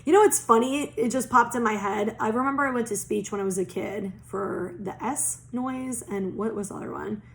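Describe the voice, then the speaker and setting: A woman's voice: fairly high pitch, normal speed, gravelly, hardly any pauses. A woman giving a casual oracle card reading, chatty and rambling, full of "like" fillers and casual swearing. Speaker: psychic oracle card reader.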